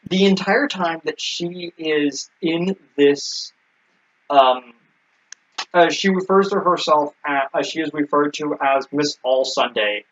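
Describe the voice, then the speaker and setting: A man's voice: a little high, slow, a bit bright, a little hiss or hum. Man recapping episodes on a lo-fi recording. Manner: explanatory, many ums and restarts. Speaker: podcast co-host. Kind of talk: casual recap chat. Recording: dull lo-fi recording.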